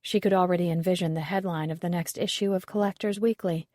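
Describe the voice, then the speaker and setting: Low-voiced woman narrating an audiobook. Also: fairly even intonation, fast, darkish tone, no echo, clean studio sound. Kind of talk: scripted narration.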